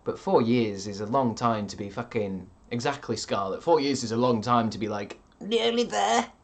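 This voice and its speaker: A man in his thirties talks casually to his stream chat. His delivery is deadpan and sardonic, full of offhand swearing and dry jokes told with a straight face. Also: mid-range voice, moderate pace, gravelly. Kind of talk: casual chat reading viewer comments.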